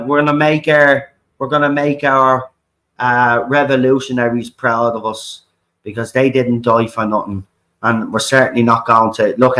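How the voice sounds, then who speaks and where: A man's voice: medium pitch, a bit bright, poor audio. An Irish man hosting a livestream, ranting with fiery passion, swearing often and repeating himself. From Ireland. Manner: fiery, repetitive, swears often, keeps asking "right?". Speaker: livestream host. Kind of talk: impassioned livestream rant.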